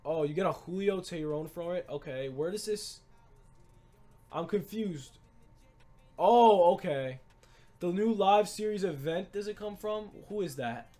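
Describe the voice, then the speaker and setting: A young man giving casual, excitable commentary on his gameplay, rambling and urging viewers to buy cards. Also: sits high, unhurried, soft background music. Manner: excitable, rambling, urgent market tips. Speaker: gaming YouTuber.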